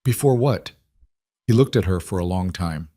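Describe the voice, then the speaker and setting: A man narrating a scripted story in a measured, steady way. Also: sits low, no room sound, clean studio sound.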